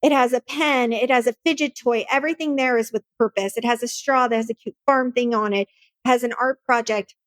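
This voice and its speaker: Woman guest on a podcast, higher pitched, dry close sound, earnest storytelling, does the voices of her old convos. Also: fairly even intonation, brisk, dry recording. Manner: earnest, acts out her own past dialogue. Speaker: nonprofit founder, podcast guest. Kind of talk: personal storytelling in an interview.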